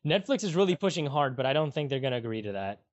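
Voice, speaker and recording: A man's voice: medium pitch, sing-song, racing. A young man co-hosting a casual podcast, joking and upbeat, laughing often. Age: young adult. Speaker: podcast co-host. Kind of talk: casual chat. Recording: dull lo-fi podcast audio.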